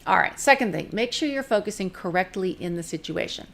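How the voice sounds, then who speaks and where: A woman's voice: mid-range voice, animated, a little fast, creaky, fairly bright tone. A woman giving a recorded talk on dog training in a direct, practical, conversational way, briefly putting on the voices of owners and dogs. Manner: direct and practical, plain-spoken.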